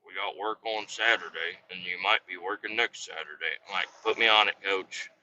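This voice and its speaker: This man hosts a podcast and speaks a little fast in a low voice that comes across pushed and bright. Swearing casually, he narrates a story and performs each quoted person himself. Faint road noise sits under a somewhat dull recording.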